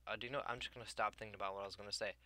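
A man's voice: fairly low pitch, fairly even intonation, racing, sharp tone, no echo. A tired young man giving casual gameplay commentary on his video channel, rambling, losing his train of thought and filling gaps with "uh" and "like". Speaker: gaming YouTuber.

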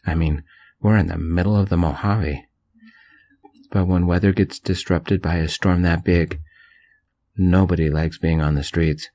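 A man reading a first-person romance story aloud in a soft-spoken ASMR narration style, gentle and unhurried. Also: sits low, fairly even intonation.

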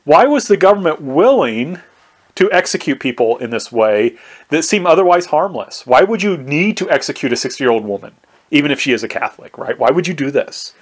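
A man giving a conversational recorded history lecture, often asking "right?" and restarting his sentences. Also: fairly high pitch. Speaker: history professor.

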